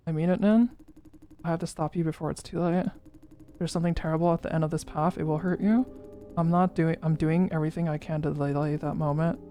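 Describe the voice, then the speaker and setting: A game streamer reading a story game's dialogue aloud during a playthrough, giving each character's lines their own emphasis. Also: mid-range voice. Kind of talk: voicing visual novel dialogue in a playthrough.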